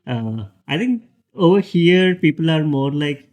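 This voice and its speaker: A man's voice: on the high side, lively intonation, unhurried, darkish tone. A man, a podcast guest chatting casually, hesitant and laughing often. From India. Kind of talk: casual chat.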